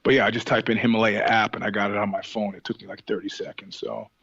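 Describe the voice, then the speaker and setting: A man being interviewed, telling stories in a casual, animated way, swearing and laughing often. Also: fairly low pitch, fast, creaky, slightly rough, dull audio. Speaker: guest.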